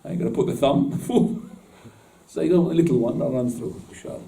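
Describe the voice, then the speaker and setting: A man's voice: mid-range voice, fairly quick, vocal fry, warm tone, recorded from a distance, low-quality recording. A man teaching Islamic law to a class in casual, informal speech, often asking his students questions and laughing at his own jokes. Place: mosque classroom.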